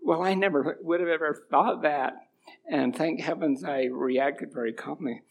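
A man's voice: fairly high pitch, measured pace, creaky, a little hiss or hum. A middle-aged man giving an informal church talk, mixing homely stories with scripture readings, with a runny nose. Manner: folksy storytelling mixed with scripture reading. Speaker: church speaker.

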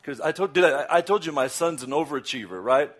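An older man with a Southern US accent, a guest preacher chatting casually before his sermon, laughing between asides and swelling loud and slow when he praises. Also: fairly high pitch, lively intonation.

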